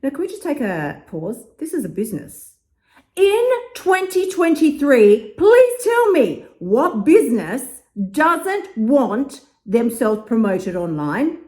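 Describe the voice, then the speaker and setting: A woman's voice: high voice, sing-song, takes it slowly, a little mellow. A woman who coaches weight loss tells a story in a casual monologue, swearing often and laughing between lines.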